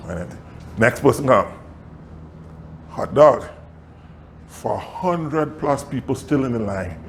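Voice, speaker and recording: A male pastor telling a story in a sermon, animated, often laughing and acting out what people said. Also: mid-range voice, slow pace, vocal fry, slight background noise.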